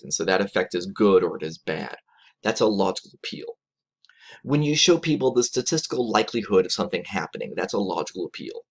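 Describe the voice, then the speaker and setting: Male lecturer, lowish voice, conversational classroom delivery with frequent restarts. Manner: conversational, frequent "right?" tag questions and restarts; animated pitch jumps when quoting others. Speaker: college lecturer. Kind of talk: recorded lecture.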